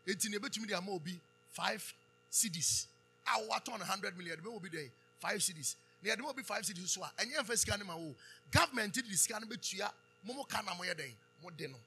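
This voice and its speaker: A man with a Ghanaian accent preaching a sermon, calling out questions for the congregation to answer and building to loud emphasis. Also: sits high, animated, fast, soft background music. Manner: call-and-response preaching, loud rising emphasis. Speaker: pastor.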